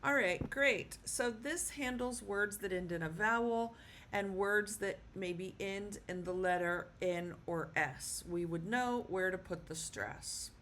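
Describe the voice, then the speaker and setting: Slow, patient woman teaching. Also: medium pitch, fairly bright tone, a little hiss or hum. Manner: patient, repeats words slowly for learners. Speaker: Spanish teacher. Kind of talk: casual video lesson.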